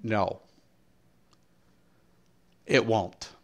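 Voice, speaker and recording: A man's voice: fairly low pitch, steady tone, drawn-out words. A man streaming and ranting commentary in a blunt, profane, swaggering way. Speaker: game streamer.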